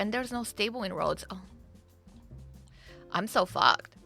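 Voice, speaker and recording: A woman's voice: medium pitch, lively intonation, unhurried, gravelly, pushed and bright. A young woman streaming live, chatting casually and rambling to her viewers with fillers and the odd swear. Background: faint game music.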